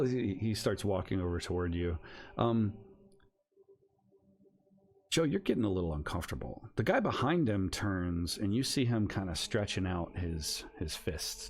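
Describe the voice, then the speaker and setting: A man narrating a tabletop horror game as game master, lively with quick asides. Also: low voice.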